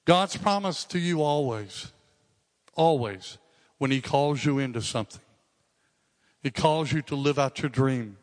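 A man's voice: medium pitch, expressive, unhurried, long pauses. A male pastor preaching a sermon in a conversational, earnest way, repeating and restarting phrases for emphasis. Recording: long reverb of a large hall.

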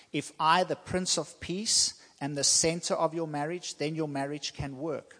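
A man preaching a sermon to his congregation, emphatic and repetitive, with slow dramatic pauses. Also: a little high, fairly bright tone. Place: church hall. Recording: long church hall reverb.

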